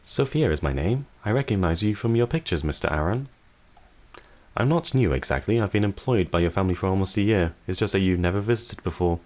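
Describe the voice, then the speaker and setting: A man's voice: sits low, lively intonation, a little fast, darkish tone. A man voicing a polite, eager young housemaid in a mystery game, speaking formally and a little raised from his usual voice.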